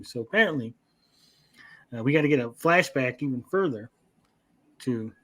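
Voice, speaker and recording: A man hosting a casual podcast chat, swearing freely and retelling scenes with quick quoted voices. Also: medium pitch, lively intonation. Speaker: podcast host.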